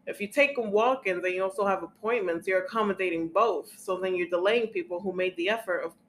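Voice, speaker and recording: A woman's voice: mid-range voice, brisk. A young woman co-hosting a casual chat, swearing freely as she rants and acts out other people's lines. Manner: profane, ranting, acts out quoted voices.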